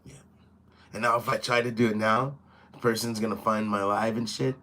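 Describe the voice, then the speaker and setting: A young man casually telling a story on his live stream, profane and animated, slipping into quoted voices. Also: fairly low pitch, normal speed. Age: young adult.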